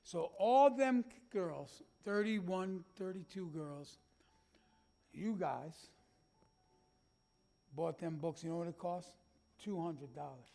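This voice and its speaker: High, gravelly-voiced emphatic pastor. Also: male voice, slow, pauses often, faint music behind. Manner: animated and emphatic, folksy asides. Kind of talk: slideshow talk to a congregation. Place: church.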